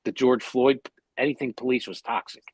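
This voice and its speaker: A man's voice: medium pitch, normal speed, slightly rough, no echo. A man co-hosting a podcast, talking bluntly and heatedly with heavy swearing. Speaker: podcast co-host. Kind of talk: casual podcast chat.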